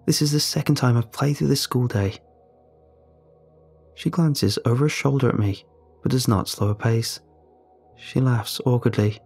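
A man calmly narrating a first-person horror story in a measured, storytelling way. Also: mid-range voice, creaky, slightly rough, faint music behind.

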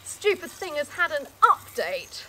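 A woman's voice: sits high, very animated, unhurried, bright, forceful tone, a little hiss or hum, exaggerated voice. A woman voicing a cautious, easily irritated elderly woman. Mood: huffy. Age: older. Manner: cautious, huffy.

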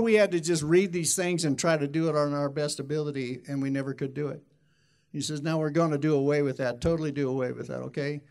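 A man's voice: on the high side, darkish tone. A man preaching a sermon in an emphatic, repetitive way, often restarting phrases and acting out quoted voices.

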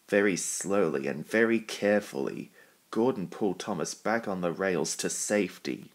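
A man narrating a children's storybook in a calm, even reading voice. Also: sits low, moderate pace.

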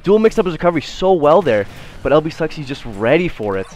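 A young man giving live game commentary, excitable, swearing and shouting when play gets tense. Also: on the high side, fast talker. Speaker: esports commentator.

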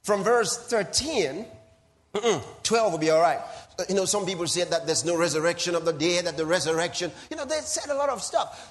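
High-voiced, animated male preacher. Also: brisk. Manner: animated, teasing, laughs often; swings between soft asides and loud exclamations. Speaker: pastor. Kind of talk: sermon.

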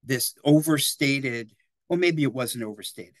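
A man's voice: mid-range voice, measured pace, dry recording. A man in his sixties giving a casual, rambling history talk at a library, often checking in with his listeners. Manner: chatty and digressive, often tags "right?" and "you know".

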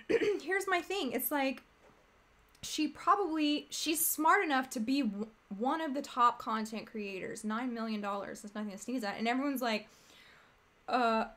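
High-voiced rambling woman streamer. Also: moderate pace, a bit bright. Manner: rambling, exasperated, chatty. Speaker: streamer host. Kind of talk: casual commentary stream.

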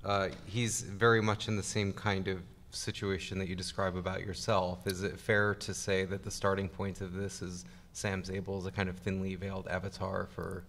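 Low-voiced male moderator, thoughtful, agreeable. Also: level tone, moderate pace, vocal fry, hardly any pauses, fairly bright tone. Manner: thoughtful questions, agreeable, hesitant. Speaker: panel moderator. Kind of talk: panel interview. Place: convention panel room.

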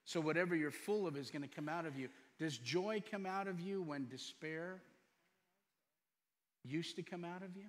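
A middle-aged man preaching a sermon as pastor, firing off rhetorical questions and moving between loud emphatic lines and quiet storytelling. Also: fairly high pitch, moderate pace. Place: church sanctuary. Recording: long hall reverb.

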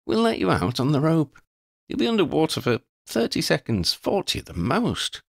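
Male narrator doing a decisive young woman leader, kind but firm, storybook reading with a low gravelly base voice. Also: huge pitch swings, normal speed, dry recording, clean studio sound, full character voice. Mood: firm, reassuring. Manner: reassuring, decisive. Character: young witch leading a group, calm, firm, kind.

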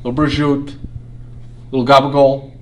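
A man's voice: mid-range voice, level tone, moderate pace. A man from Staten Island with a New York accent, teasing and wisecracking in a casual chat. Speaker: guest. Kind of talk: casual banter.

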